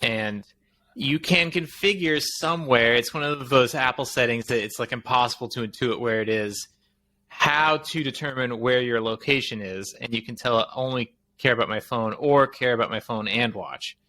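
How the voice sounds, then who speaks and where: A man co-hosting a casual tech podcast. His voice has a bright, pushing edge. He rambles through explanations and corrects himself mid-sentence. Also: medium pitch, moderate pace. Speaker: podcast co-host.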